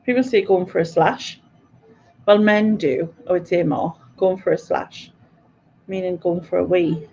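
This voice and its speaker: A woman's voice: on the low side, measured pace, creaky, dark tone, slightly rough. A British woman hosting a casual live quiz stream, chatting with viewers and laughing often. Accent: British English. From Britain. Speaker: quiz host. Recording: dull lo-fi stream audio.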